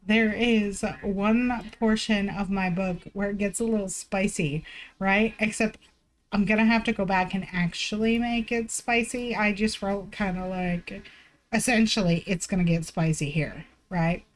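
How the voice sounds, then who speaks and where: A woman's voice: mid-range voice, fairly even intonation, a little slow, poor audio. A woman live streamer chatting casually from home, rambling and self-deprecating, swearing freely and filling her talk with "like". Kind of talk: casual chat.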